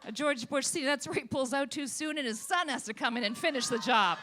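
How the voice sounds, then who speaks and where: Woman, stand-up comic, brash, bawdy, teasing, high voice, comedy club. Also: fast talker, pushed and bright, a little hiss or hum.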